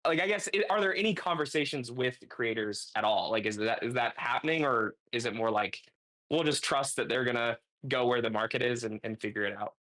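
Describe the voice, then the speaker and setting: A man's voice: medium pitch, fairly quick, pushed and bright. A man asking the panel a long question, rambling with lots of fillers. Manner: rambling with many likes. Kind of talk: casual question.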